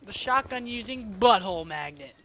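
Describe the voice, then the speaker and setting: A young man commentating live over his own shooter match, excitable and swearing, flaring into frustrated outbursts. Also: high voice, moderate pace. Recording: noisy game sound underneath. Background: game gunfire and effects.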